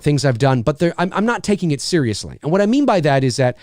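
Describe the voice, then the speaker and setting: A man's voice: on the high side, sing-song, fast talker, a little mellow, no echo, clean studio sound. A man in his thirties hosting a casual livestream, rambling and laughing as he answers viewer questions. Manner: rambling, laughs often, restarts lines. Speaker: livestream host. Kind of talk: casual live chat.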